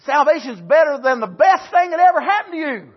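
A man preaching a fervent sermon, swinging between loud shouted lines and low asides, with frequent amens. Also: animated, fast, dull audio.

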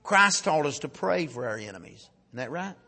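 A man preaching a folksy sermon, swinging from loud shouted peaks down to low, quiet asides. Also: sing-song, moderate pace.

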